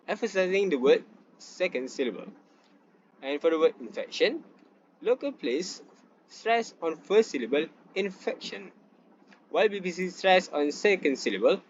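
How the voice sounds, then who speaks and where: A young man giving a student class presentation, reading from slides with pauses and restarts. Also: fairly high pitch, very animated, muffled recording, slight background noise. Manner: reads from slides with frequent fillers and restarts.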